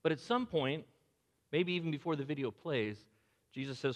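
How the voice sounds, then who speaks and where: An older man preaching a sermon as pastor, swinging between loud urgent lines and hushed, near-whispered quotes. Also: a little high, normal speed. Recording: long hall reverb.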